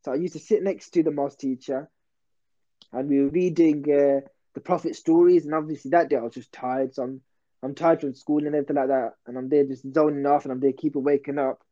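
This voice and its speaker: A man's voice: fairly high pitch, fairly even intonation, a little fast, mellow, highs cut off. A young man telling a rambling, slangy story on a casual podcast. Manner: rambling, slangy, self-interrupting. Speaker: podcast host.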